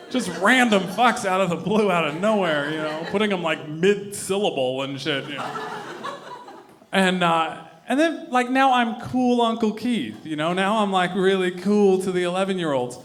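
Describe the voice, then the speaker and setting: A man's voice: sits high, moderate pace, noisy background. A man performing live stand-up comedy, telling a loose story with casual swearing.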